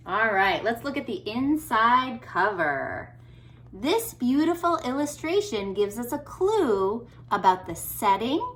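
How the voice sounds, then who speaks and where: A woman speech therapist reading a picture book aloud to children, gentle and encouraging, stopping to ask questions. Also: medium pitch. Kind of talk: read-aloud lesson for kids.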